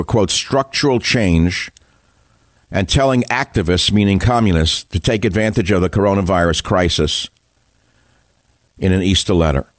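A man's voice: lowish voice, no room sound, clean studio sound. A man hosting a radio talk show, delivering an indignant monologue full of rhetorical questions.

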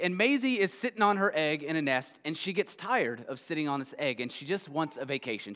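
A pastor delivers a relaxed, chatty sermon in a voice pitched a little above the usual male range. His words carry a long reverb tail, as if spoken in a large sanctuary. He keeps the congregation engaged with frequent quick asides. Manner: conversational, frequent "right?" checks, quick restarts. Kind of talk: casual sermon retelling a children's story.

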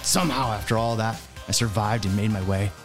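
A man doing a gruff Irish-sounding dwarf warrior. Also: fairly low pitch, a little fast, over music, lightly acted. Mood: grim. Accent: Irish, put on. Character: gruff battle-worn male dwarf warrior. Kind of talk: tabletop game character monologue.

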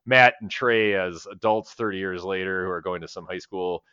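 A man's voice: deep voice, normal speed, bright, forceful tone, smooth, no room sound, muffled recording. A man co-hosting a podcast, recapping a comedy film in a rambling, profane, casual way and laughing as he goes. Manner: rambling, profane, laughs while retelling scenes. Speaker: podcast co-host. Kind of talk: casual movie-review chat.

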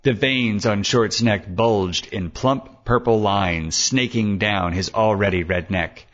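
A man narrating a serial detective story, measured and steady with casual asides. His low voice comes through a dull, lo-fi recording. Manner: measured, then chatty asides. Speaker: podcast storyteller.

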